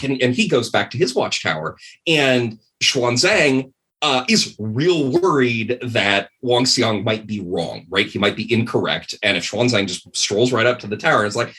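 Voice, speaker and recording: A man tells a story as a podcast guest, rambling casually and leaning on fillers. His pitch moves around a great deal, and his voice sounds bright. It also has a noticeably husky edge. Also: moderate pace. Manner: rambling, animated, many fillers. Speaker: podcast guest, game designer.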